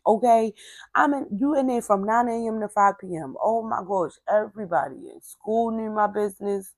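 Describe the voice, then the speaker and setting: A woman sharing a personal testimony, animated, acting out other people's voices and repeating her phrases as she talks. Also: medium pitch, normal speed, dry recording. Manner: repeats herself, trailing fillers like "this, that, and the third". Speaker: testimony speaker.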